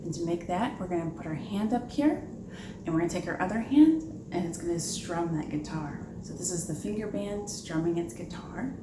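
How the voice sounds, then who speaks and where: A woman's voice: on the low side, animated, normal speed. Upbeat woman leading preschool storytime. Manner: upbeat, talks to young children, asks questions. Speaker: children's librarian. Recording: echoey room with background noise.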